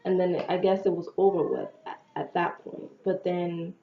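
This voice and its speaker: A young woman casually retelling a personal story to her viewers, chatty and animated, with slang and quoted dialogue. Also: on the low side, moderate pace. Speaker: vlogger telling a story. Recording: echoey, dull lo-fi room with faint noise.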